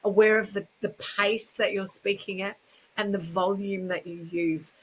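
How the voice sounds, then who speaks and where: An Australian woman talks as a guest speaking coach, her voice sitting a little low. She rattles along in a chatty way with plenty of fillers. A faint hiss runs under the recording. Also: moderate pace, fairly bright tone, rough recording. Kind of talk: casual interview chat.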